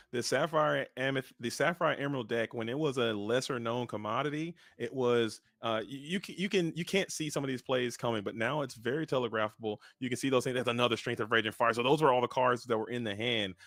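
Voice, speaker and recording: Male card game caster, mid-pitched, chatty and joking; dry close-mic sound. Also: fairly bright tone, dry recording. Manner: quick, chatty, joking, frequent restarts.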